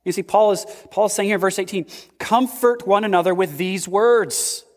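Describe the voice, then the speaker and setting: A man preaching a sermon as pastor, slow and emphatic, with sudden swings in pitch. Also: darkish tone. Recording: long reverb of a large hall.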